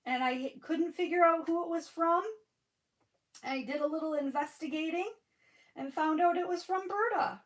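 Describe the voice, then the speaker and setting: Her voice very high and her pace moderate, a middle-aged woman sniffles after crying while chatting casually on a craft livestream. She gushes and responds to viewers' comments by name, all on a rough recording.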